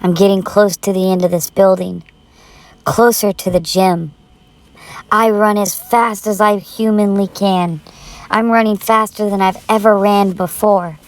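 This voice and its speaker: A woman's voice: medium pitch, fairly even intonation, measured pace. A woman narrating a true scary story in the first person, with a tense, urgent delivery.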